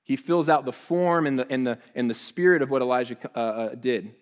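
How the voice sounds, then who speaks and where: A man's voice: medium pitch, brisk. A man preaching a conversational sermon. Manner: conversational preaching with restarts and asides. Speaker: pastor.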